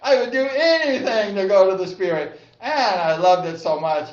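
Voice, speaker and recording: A man's voice: sits high, moderate pace, recorded from a distance. An older man from Southern California telling casual, rambling stories about his past, often saying "like" and laughing. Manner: rambling, says "like" a lot, laughs often, excitable yells. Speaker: vlogger, former speedway rider. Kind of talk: casual reminiscing monologue. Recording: echoey room, slightly dull sound.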